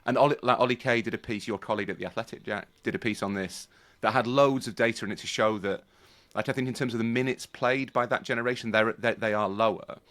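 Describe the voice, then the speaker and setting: A man's voice: mid-range voice, fairly even intonation, quick pace, hardly any pauses, fairly bright tone. A man in a casual panel chat, thinking aloud with many restarts. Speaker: podcast panelist.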